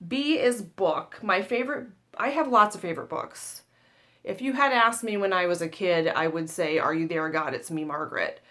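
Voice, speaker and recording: A woman's voice: fairly low pitch, moderate pace, pushed and bright. A woman in her forties from the United States, hosting her own tarot channel and chatting casually to camera. She talks in a chatty, self-mocking way and laughs at herself. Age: 40s.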